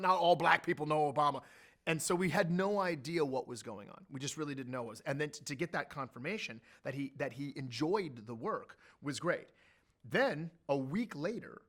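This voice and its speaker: Man, middle-aged, bright voice, slightly high, animated storyteller, sudden pitch jumps. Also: quick pace. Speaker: interview guest. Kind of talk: storytelling in an interview.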